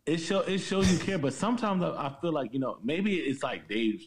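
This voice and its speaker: A man's voice: a little high, sing-song, a little fast. Reflective, rambling man in casual talk. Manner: reflective, lots of "like" and "you know". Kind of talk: casual conversation.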